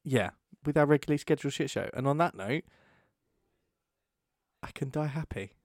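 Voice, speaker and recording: Animated podcast co-host man. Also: a little high, normal speed, no echo, studio quality. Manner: animated, swearing, laughing often. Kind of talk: casual chat. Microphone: podcast microphone.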